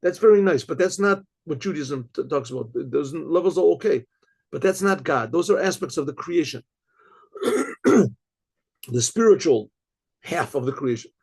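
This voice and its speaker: An older rabbi teaching a class in a husky, slightly raised voice. His talk is loose and digressive, circling back with repeated phrases and frequent "okay, so", broken up by throat-clearing. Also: a little high, animated, moderate pace, long pauses, a little mellow. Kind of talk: informal Torah lecture.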